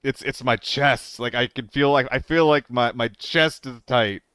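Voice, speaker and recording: A man streaming a game live, chatting casually with viewers, laughing often and swearing when he gets excited. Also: mid-range voice, measured pace, clear, resonant tone, no echo, clean studio sound. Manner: excitable, laughing and swearing between relaxed chat.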